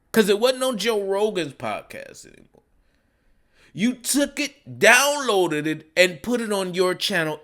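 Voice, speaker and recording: Dude ranting and roasting someone, kinda high, bright voice, slow drawn out talk. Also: male voice. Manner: mocking, insulting, scolding. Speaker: commentary vlogger. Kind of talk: ranting commentary.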